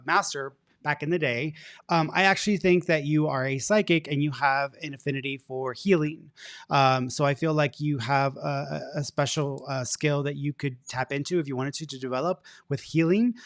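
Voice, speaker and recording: A man giving psychic readings on a live stream, chatty and animated, laughing easily. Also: mid-range voice, clear, resonant tone, dry recording, clean studio sound. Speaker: psychic reader, co-host. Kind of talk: live reading, casual chat.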